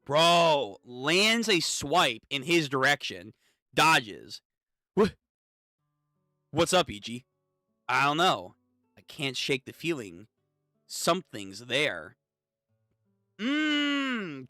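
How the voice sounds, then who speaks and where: A man hosting a casual reaction read-through of manga, excitable and swearing, reading lines aloud. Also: medium pitch, slow, dry recording, studio quality, faint music behind. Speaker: channel host reading manga.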